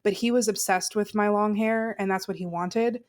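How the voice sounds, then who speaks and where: A woman's voice: medium pitch, steady tone, moderate pace. A woman guest on a podcast, candidly telling a personal story in casual, chatty talk full of "like". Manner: chatty and candid, sprinkled with "like" and laughter.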